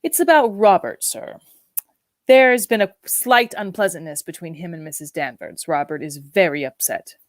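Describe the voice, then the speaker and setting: A stiff, solemn butler reports to his master in formal, deferential tones, as a woman reads him. The voice is lowish and recorded close and dry. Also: moderate pace, dry recording, lightly acted.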